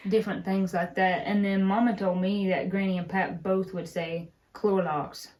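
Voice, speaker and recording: A young woman with an Appalachian mountain accent, telling family stories in a relaxed, chatty way as a co-host. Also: mid-range voice, normal speed. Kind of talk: casual chat.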